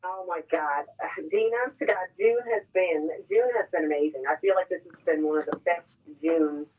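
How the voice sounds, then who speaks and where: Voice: mid-range voice, normal speed. A guest with a thick Newfoundland accent, speaking for a brewery over the phone, chatty and enthusiastic and often repeating words mid-thought. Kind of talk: casual radio interview. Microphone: telephone. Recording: tinny phone line.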